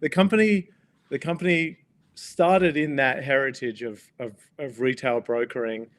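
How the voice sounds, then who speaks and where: A man's voice: mid-range voice, moderate pace. Laid-back Australian man. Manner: relaxed, hesitant with fillers. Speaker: guest, company co-founder. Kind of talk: casual interview chat.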